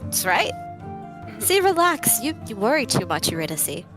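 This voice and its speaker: A woman's voice: lowish voice, sing-song, fairly quick, music in the background. A woman playing a tabletop game, talking in character in a brash, crude, swaggering way. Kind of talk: casual in-character play.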